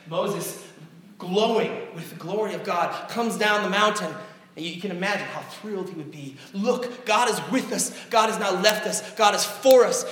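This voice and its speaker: A man preaching a sermon, lively and dramatic, acting out quotes and correcting himself as he goes. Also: mid-range voice. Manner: animated, acts out quotes, self-correcting. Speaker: pastor. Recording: echoey hall, distant mic, faint noise.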